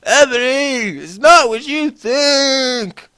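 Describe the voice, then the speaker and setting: A desperate teenage boy begs in a whiny, strained, high voice, as a man puts him on. The delivery is overdone and the sound is close and dry. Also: lively intonation, rapid-fire, pushed and bright, no echo, heavily acted. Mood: pleading.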